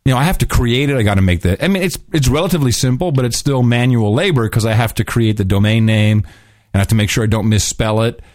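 A man co-hosting a podcast, chatting casually about politics in an animated, mocking way and sometimes breaking into silly voices. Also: mid-range voice, fast talker, dry recording, clean studio sound. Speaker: podcast co-host.

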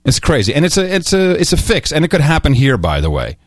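A middle-aged man chatting on a podcast. His voice sits a little high and swings a lot as he rambles through an animated story, recorded close and dry with no room sound. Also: fast talker, no room sound. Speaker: podcast host. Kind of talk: casual chat.

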